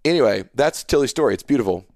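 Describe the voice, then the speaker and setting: A man's voice: medium pitch, quick pace, dry recording, studio quality. A man in his thirties, a pastor and podcast guest, earnestly telling a personal story and acting out the dialogue. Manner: earnest, animated storyteller who retells dialogue. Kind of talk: casual storytelling conversation.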